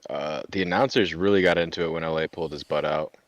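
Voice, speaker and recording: A man co-hosting a wrestling podcast, casually throwing in quick wisecracks. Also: a bass voice, a crowd in the background. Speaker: podcast co-host. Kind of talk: casual chat.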